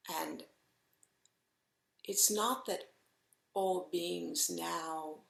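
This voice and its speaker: A middle-aged woman giving a Zen dharma talk, slow, gentle and reflective with soft pauses, recorded in an echoey room. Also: fairly low pitch, steady tone, vocal fry. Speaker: Zen teacher.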